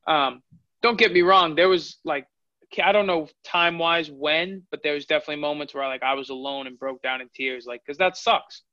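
Bright-voiced young man, dry lo-fi sound. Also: on the high side, moderate pace, no room sound. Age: 20s. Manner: candid storytelling. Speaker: fighter. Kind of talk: interview answers. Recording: dull lo-fi audio.

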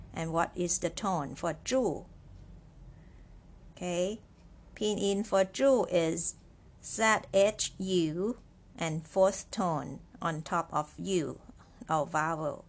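A woman teaching a pinyin quiz, speaking slowly and deliberately and spelling out letters one by one. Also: fairly low pitch. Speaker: Chinese language teacher. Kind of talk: slow spoken pinyin quiz lesson.

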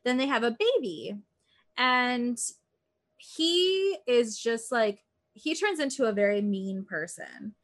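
A woman's voice: on the high side, expressive, slow pace, a bit bright. A woman chatting casually as a podcast co-host, retelling a true-crime episode in a rambling way, full of "like" and acted-out quotes. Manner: rambling, heavy use of "like", acts out quotes.

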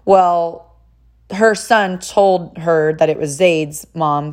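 A woman's voice: lowish voice, slow. A woman from California, a mother, telling personal stories in a casual monologue, chatty and full of "like" fillers. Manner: chatty, frequent "like" fillers, animated retelling with quoted voices.

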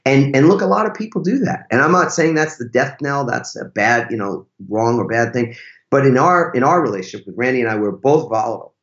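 A man's voice: medium pitch, animated, a little fast, a bit bright. A man who is a podcast guest, speaking in an emphatic, casual way and using rhetorical questions. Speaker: podcast guest, relationship teacher. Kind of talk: casual conversational interview. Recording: roomy, slightly dull sound.

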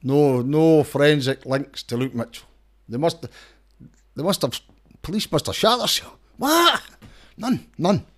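In a casual interview, a middle-aged campaigner and lawyer from Scotland speaks at a measured pace in a slightly high voice. He makes his points emphatically, frequently restarting, repeating words and asking "right?"

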